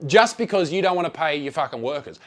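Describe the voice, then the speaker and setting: A man with a broad Australian accent rants through a travel review, blunt, sarcastic and full of swearing. His slightly high voice swings widely up and down as he talks. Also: expressive, quick pace, fairly bright tone. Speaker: travel vlogger.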